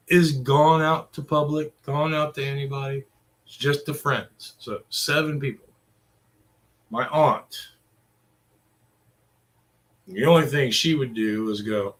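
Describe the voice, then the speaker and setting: A man's voice: fairly high pitch, slow pace, long pauses, a bit bright. A middle-aged man, ranting casually in a crude, profane, rambling way. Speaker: vlogger.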